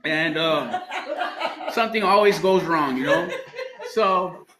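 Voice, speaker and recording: In an echoey meeting room with faint background noise, a man in recovery tells his story, swearing and laughing through a candid share. His voice sits on the high side, and he takes his time.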